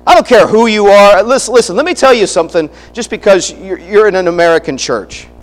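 A middle-aged man preaching with a notably high voice. He speaks emphatically in a preacher's cadence, restarting phrases and throwing in asides to his congregation. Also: fairly quick, long reverb tail, rough recording. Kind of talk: sermon.

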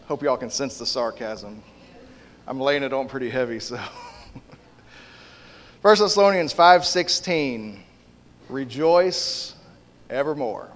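A man preaching as a pastor in a church, relaxed and joking, with frequent fillers. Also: mid-range voice, slow pace, long pauses. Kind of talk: casual sermon with prayer. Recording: long church hall reverb.

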